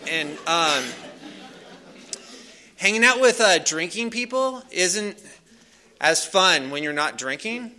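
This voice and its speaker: A man's voice: sits high, animated, slow pace, pauses often, bright, forceful tone. A man casually telling a personal story to a live audience. He rambles loosely, with many fillers and restarts. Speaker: speaker sharing a recovery story.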